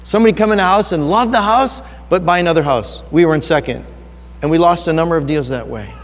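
Pastor, male, higher-pitched voice, earnest and conversational, church hall with a long echo. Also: quick pace. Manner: earnest, personal and conversational, with rhetorical questions. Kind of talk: sermon.

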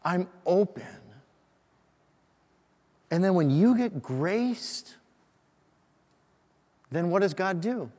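A man preaching a Christmas sermon to a congregation, swinging between emphatic and soft delivery. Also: high voice, expressive, drawn-out words, pauses often. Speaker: pastor. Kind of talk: Christmas sermon with a read-aloud story. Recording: long hall reverb.

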